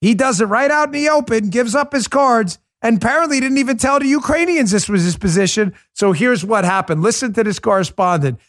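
A man hosting a political commentary podcast, talking in a sarcastic, mocking, animated way. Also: extremely high pitch, fairly quick, hardly any pauses, no echo, clean studio sound. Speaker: host.

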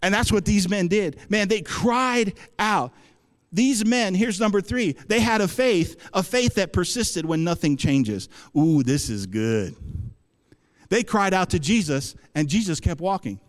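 Male pastor, high voice, fervent sermon delivery with questions to the crowd, long church reverb. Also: lively intonation, measured pace. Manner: impassioned, rising into bursts and dropping low, asks the congregation questions.

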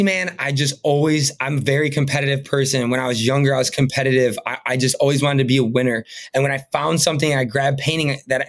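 Brief: a man at mid pitch, a podcast guest, earnest and rambling, full of fillers. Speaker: podcast guest, painting company owner. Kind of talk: casual interview talk.

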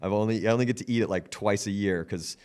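A man's voice: fairly low pitch, fast. A young man from San Diego hosting a podcast, telling stories animatedly and acting out quotes between laughs. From San Diego, California. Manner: animated storyteller, laughs often, acts out quotes. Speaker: podcast host. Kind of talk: casual chat.

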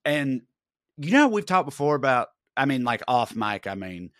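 A man in casual comedic podcast chat, rambling through a story with cursing and restarts. His pitch is ordinary for a man and the sound is close and dry. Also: very animated, normal speed, fairly bright tone, no room sound. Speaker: podcast co-host.

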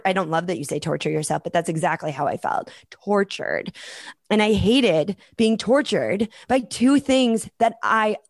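A woman's voice: medium pitch, dry recording, studio quality. A woman guest on a podcast, chatting casually and animatedly, telling personal stories. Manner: animated storyteller, quotes family in lively voices. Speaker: podcast guest, storytelling speaker. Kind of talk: casual conversational interview.

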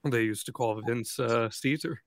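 Gravelly-voiced co-host, dry sound. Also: male voice, mid-range voice, no echo. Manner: quick, enthusiastic reactions. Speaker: podcast co-host. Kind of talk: casual interview chat.

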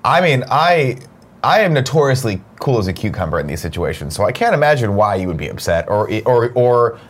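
A man's voice: mid-range voice, very animated, a little fast. A man co-hosting a casual morning show, chiming in with sarcastic, jokey asides. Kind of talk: casual chat.

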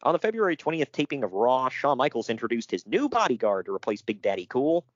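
A man's voice: medium pitch, sing-song, fast talker, dry recording, lo-fi sound. A man co-hosting a casual chat, reading out notes with jokes and frequent laughter. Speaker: podcast co-host.

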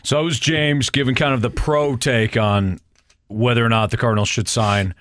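Male sports radio host, mid-pitched, upbeat banter and sponsor reads. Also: fairly even intonation, normal speed, a bit bright, no room sound. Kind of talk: casual sports talk and show reads.

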